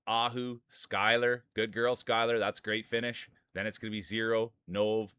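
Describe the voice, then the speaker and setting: A man's voice: lowish voice, flat delivery, moderate pace, bright, forceful tone, clear, resonant tone, no echo, studio quality. A man streaming live, commentating marble races and bantering with chat, rambling and laughing often as he jokes.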